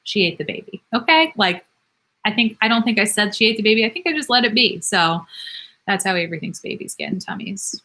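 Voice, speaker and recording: Animated and brisk, her mid-range voice comes out pushed and bright. A woman in her thirties who works as a nurse practitioner, she responds to viewer comments in a live Q&A with chatty, candid, self-deprecating humor and frequent laughs.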